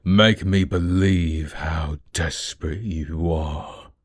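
A man's voice: deep voice, fairly even intonation, slow, no room sound. A young adult man performing an adult audio role-play, speaking close to the mic in a teasing, commanding murmur.

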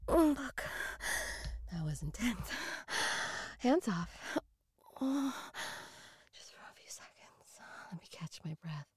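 Breathy, commanding woman in whispered role-play. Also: medium pitch, very animated, takes it slowly, pauses often, darkish tone. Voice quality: breathy, moaning. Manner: dominant, teasing, commanding.

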